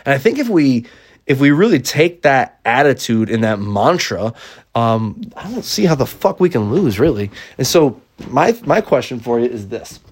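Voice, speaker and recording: A man's voice: medium pitch, moderate pace, slightly rough. A man talking casually to camera as a parent, blunt and opinionated, swearing freely and restarting often. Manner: blunt, swears freely, fillers and restarts, reads dialogue aloud with excitement. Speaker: parent reviewing a children's book. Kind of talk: casual opinionated vlog talk.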